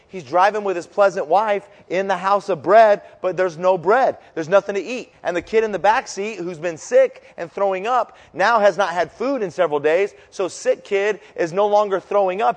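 A middle-aged man preaches in a large church hall, and his voice sits a little high for a man. He tells the scripture as a lively, joking story. A long reverb trails each phrase. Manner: animated, jokey, acts out voices. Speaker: pastor. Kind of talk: storytelling sermon.

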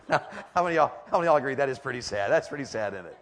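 A man's voice: mid-range voice, expressive, very fast, few pauses, a bit bright, big-room sound. A middle-aged man preaching a sermon in a church auditorium, drawing the congregation in with rhetorical questions and call-and-response.

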